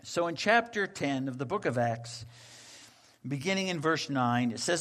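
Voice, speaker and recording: A man preaching a sermon as a pastor, retelling a scripture passage with lively, animated storytelling and voicing its characters. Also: on the high side, normal speed.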